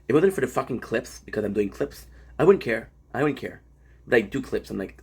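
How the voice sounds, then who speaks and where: A man streamer talking in a casual vlog monologue, rambling and profane, telling stories in an animated way. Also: medium pitch, a little fast, gravelly, husky.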